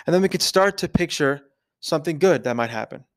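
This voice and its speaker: A man hosting a podcast, thinking aloud in a casual, conversational way and often checking in with a quick "right?". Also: fairly high pitch, animated. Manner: conversational, keeps asking "right?". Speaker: podcast host. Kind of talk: casual reflective podcast talk.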